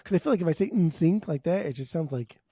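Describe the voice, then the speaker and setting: A man's voice: on the high side, animated, racing, dark tone, slightly rough, dry recording, studio quality. A man co-hosting a podcast, joking playfully and humming bits of tunes in casual chat. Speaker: podcast co-host.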